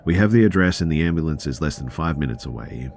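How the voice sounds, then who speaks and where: A man voicing a calm, reassuring female emergency operator who gives steady instructions. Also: a bass voice, fast talker, gravelly, a little hiss or hum, pitched above the performer's own voice, full character voice.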